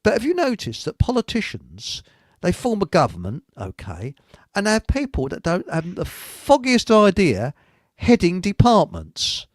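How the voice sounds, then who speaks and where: A man's voice: sits high, wildly swooping pitch, unhurried, no room sound, clean studio sound. A man hosting a live chat show, rambling and giggling as he reads out messages. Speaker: host.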